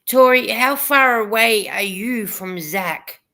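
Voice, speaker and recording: A woman's voice: a little high, takes it slowly, pushed and bright. A woman hosting a casual livestream chat, rambling a little and reading viewer comments aloud. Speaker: host of a live chat stream.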